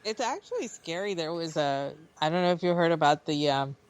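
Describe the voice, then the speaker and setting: Low-voiced woman co-hosting a chat show. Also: lively intonation, dry recording, low-quality recording. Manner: chatty, halting restarts, laughs easily. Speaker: radio show co-host. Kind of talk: casual chat.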